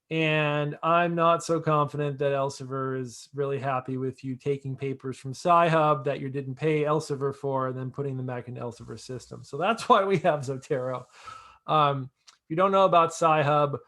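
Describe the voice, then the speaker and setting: A man walks a project team through a shared screen. His voice sits a bit high for a man, and he keeps stopping to restart his sentences, with ums and uhs all through. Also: fairly bright tone. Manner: halting, many fillers and restarts, chuckles at asides. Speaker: project lead. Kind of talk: casual screen-share walkthrough.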